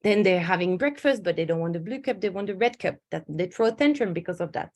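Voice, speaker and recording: Middle-aged woman coach, lively storytelling webinar delivery. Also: fairly low pitch, fast talker. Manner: animated storytelling with acted inner voices. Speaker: stress management coach. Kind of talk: webinar presentation.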